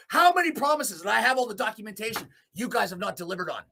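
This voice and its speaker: A furious man from Alberta, Canada, hosts his own podcast in a small room. His voice is raspy and gravelly, and it sits high and bright. He delivers a defiant, profane rant that swings from low grumbles to shouts. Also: animated, quick pace, few pauses. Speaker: host. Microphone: podcast mic in a small room.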